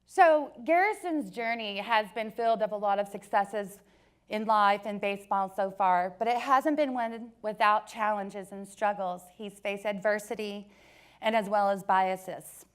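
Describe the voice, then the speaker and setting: A woman in her forties giving a personal storytelling talk to an audience, joking at times and turning soft and earnest at others. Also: mid-range voice, a little slow, clean tone. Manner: warm joking storyteller, switches between laughs and soft earnest passages. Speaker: company speaker.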